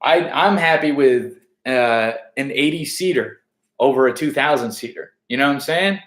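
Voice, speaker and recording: This American comedian has a mid-range voice with a fairly bright tone, speaking at normal speed in a reverberant setting. His casual backstage interview talk is profane, rambling and riddled with restarts.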